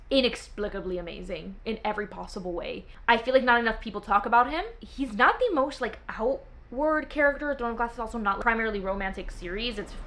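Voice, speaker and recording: A woman's voice: mid-range voice, sharp tone. A young woman chatting to camera as a book vlogger, gushing and dramatic as she swoons over favourites. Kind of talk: casual chat to camera.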